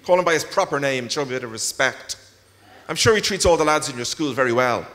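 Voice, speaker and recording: A man's voice: mid-range voice, animated, fast talker, a bit bright, natural voice. A man reading aloud, voicing an elderly, stern priest who scolds and frets in the confessional. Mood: scolding. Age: older than 60. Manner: scolding, exasperated, indignant. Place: large concert hall. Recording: long concert hall reverb.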